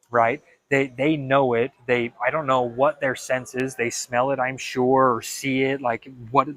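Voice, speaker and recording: A young man talking in a casual vlog monologue, animated and dramatic, with frequent stammered restarts. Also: medium pitch, no echo. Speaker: vlogger.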